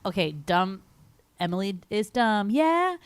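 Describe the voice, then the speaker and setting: A woman's voice: medium pitch, big pitch swings, measured pace, a little hiss or hum. A woman co-hosting a podcast, chatting casually in a self-deprecating way. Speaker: podcast co-host. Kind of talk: casual chat about a film.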